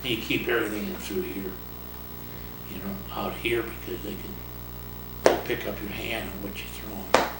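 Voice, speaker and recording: An older man and former ballplayer tells rambling stories in a casual interview, chuckling often and putting on other people's voices. He is heard from some distance in an echoey room, with clear background noise. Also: lowish voice, steady tone, normal speed, pauses often. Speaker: retired baseball pitcher and coach. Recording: roomy, distant mic, noisy ambience.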